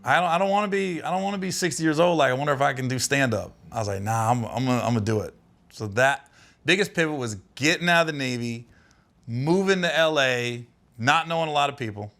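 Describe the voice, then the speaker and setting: Animated bright-voiced comedian from Ohio. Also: male voice, medium pitch, quick pace, gravelly. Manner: animated storyteller, laughing through anecdotes. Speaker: comedian guest. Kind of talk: casual podcast chat.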